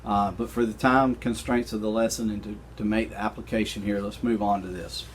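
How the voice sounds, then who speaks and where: A man teaching a recorded Bible study lesson, retelling scripture in an animated, conversational way with casual slang. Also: lowish voice, a little fast, a little hiss or hum.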